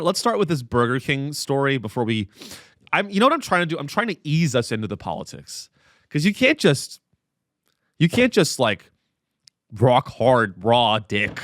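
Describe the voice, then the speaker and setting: A man's voice: a little high, pushed and bright, no room sound, clean studio sound. A man hosting a podcast in a casual comedic rant, profane and rambling. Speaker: podcast host.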